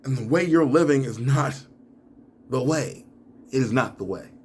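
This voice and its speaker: A young adult man giving reaction commentary in a video, ranting and laughing, his voice rising to near shouts and sinking to mumbles. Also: mid-range voice, expressive, moderate pace, slight background noise. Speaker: YouTuber.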